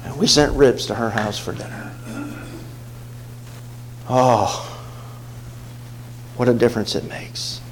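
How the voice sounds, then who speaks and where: A male pastor preaching a sermon, telling a personal story with dramatic swings from hushed tones to shouts. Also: mid-range voice, slow, long pauses, slight background noise, poor audio.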